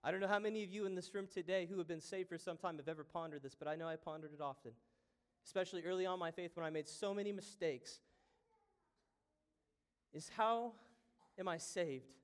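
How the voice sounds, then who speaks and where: A male pastor preaching a sermon, moving from hushed, reflective lines to loud, fervent ones. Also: high voice, brisk, pauses often, smooth. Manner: impassioned preaching with wide swings from hushed to loud. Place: church sanctuary.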